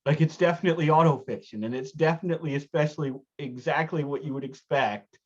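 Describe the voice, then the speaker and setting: A man hosting a reading series, reacting to a reading in excitable, gushing casual chat and laughing easily. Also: on the high side, quick pace, muffled recording.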